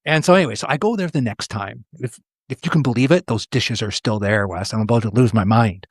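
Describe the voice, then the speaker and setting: A man's voice: medium pitch, fast talker, husky, dry recording, clean studio sound. A middle-aged man, an executive coach, talking in a conversational interview and telling a personal story with many repeated words.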